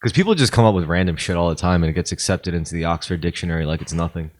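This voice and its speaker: A man's voice: deep voice, expressive, rapid-fire. A man co-hosting a podcast in casual chat, laughing often and rambling as he talks. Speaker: podcast co-host.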